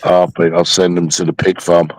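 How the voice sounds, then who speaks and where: A man's voice: low voice, monotone, moderate pace, a little mellow, no room sound. A man chatting as a guest on a livestream, making blunt, sweary remarks. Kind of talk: casual chat.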